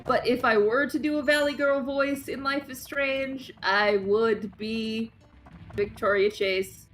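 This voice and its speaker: Giggly high-voiced young woman chatting. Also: slow pace, soft background music, low-quality recording. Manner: giggly, excitable, frequent laughter. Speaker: co-host of a gaming stream. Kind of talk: casual chat while playing a game.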